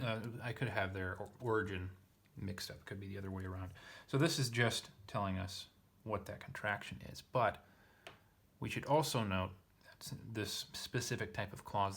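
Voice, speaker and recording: Here a man with a lowish, fairly bright voice teaches as a Greek teacher, reading a text line by line in a casual lesson. He thinks out loud throughout, with frequent fillers and corrections of himself.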